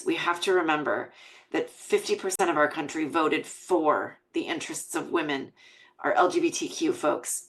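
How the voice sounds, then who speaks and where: Female podcast host, American, low-pitched, heartfelt and earnest delivery. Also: creaky, low-quality recording. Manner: earnest and emotional, reading quotes aloud.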